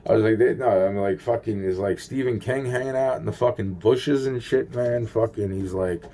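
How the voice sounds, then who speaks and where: A man's voice: lowish voice, moderate pace, warm tone, a little hiss or hum. A man rambling through a paranoid personal story, swearing constantly and restarting his sentences.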